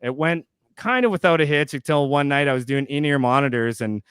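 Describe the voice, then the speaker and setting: A man's voice: fairly high pitch, fairly quick, a bit bright, clean tone, dry recording. A man from Canada co-hosting a podcast, telling a rambling story and acting out the quoted lines. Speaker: podcast co-host. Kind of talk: casual storytelling.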